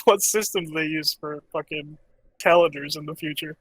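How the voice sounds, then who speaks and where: Man, player, high bright husky voice, dry close sound, teasing and laughing. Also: fairly even intonation, normal speed, dry recording, rough recording. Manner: laughs a lot, teasing, cusses. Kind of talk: casual tabletop play over video call. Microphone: video call.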